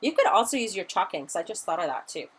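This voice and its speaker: Woman, 30s, live craft-show host, mid-pitched, chatty and apologetic, a bit flustered. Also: very animated, fast, breathy edge, rough recording. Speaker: craft demonstrator.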